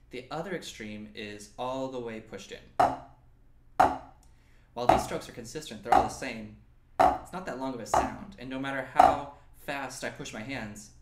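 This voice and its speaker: A young man from New Mexico leads a snare drum lesson, talking through technique in an encouraging way and counting beats aloud. His voice rings around a roomy space. Loud drumming sits behind him. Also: medium pitch, very noisy. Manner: encouraging, counting aloud while playing along. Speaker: percussion teacher. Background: snare drum and practice pad playing.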